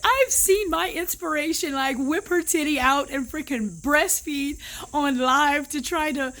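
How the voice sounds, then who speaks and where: A woman's voice: high-pitched, fairly bright tone. A woman in her thirties talking in a heartfelt personal vlog, emotional and close to tears, rambling with restarts. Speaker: vlogger.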